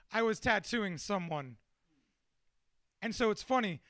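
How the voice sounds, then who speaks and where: Man, high bright voice, tattoo artist, casual storytelling, heavy swearing. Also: normal speed, dry recording, clean studio sound. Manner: profane, animated, laughs through his stories. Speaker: tattoo artist and podcast guest.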